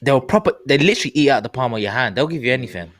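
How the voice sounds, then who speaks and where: Lively London man, dry sound. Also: medium pitch, rapid-fire, dry recording. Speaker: podcast host. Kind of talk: casual podcast chat.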